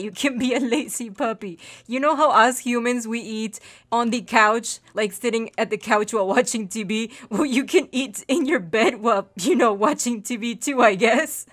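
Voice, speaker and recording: Gaming creator, female, slightly high-pitched, chatty let's-play talk with pet-cooing asides. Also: fairly bright tone. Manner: chatty, coos to her in-game puppy.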